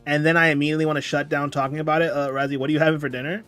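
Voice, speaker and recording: A man's voice: on the high side, little pitch movement, rapid-fire, fairly bright tone. A tired young man chatting casually on a livestream, reading chat and rambling along. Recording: music playing faintly behind. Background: faint background music.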